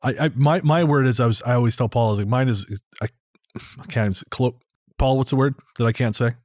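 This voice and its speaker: A fast-talking American podcast host keeps things casual and wry, wandering off topic and restarting sentences as he goes. His medium-pitched voice is a bit mellow, with a dry, studio-quality recording.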